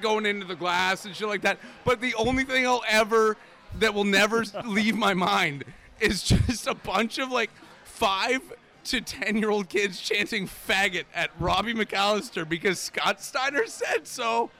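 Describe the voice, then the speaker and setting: A man's voice: sits high, gravelly, pushed and bright. A man and comedian chatting on a podcast, telling rambling stories with restarts and laughs. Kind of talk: casual chat, storytelling.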